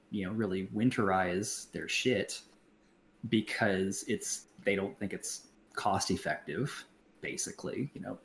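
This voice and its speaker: A man co-hosting a podcast in casual chat, blunt and profane, talking in halting stops and restarts. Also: fairly low pitch. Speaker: podcast co-host. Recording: roomy echo, faint background noise.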